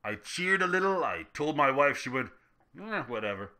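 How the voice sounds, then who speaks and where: Guy doing a casual q&a vlog, bright forceful voice, rambly and jokey. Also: on the high side, animated, moderate pace. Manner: rambling, joking, self-deprecating asides. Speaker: gaming YouTuber answering viewer questions.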